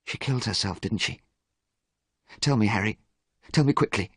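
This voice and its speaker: A man voicing a troubled, emotional young man in a story read aloud, speaking earnestly and sometimes in a hushed voice. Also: lowish voice, moderate pace, slightly rough, no echo, clean studio sound.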